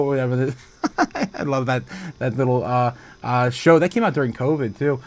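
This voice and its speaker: A man hosting a casual livestream, reading viewer comments aloud, excitable and laughing often. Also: mid-range voice, normal speed. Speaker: livestream host.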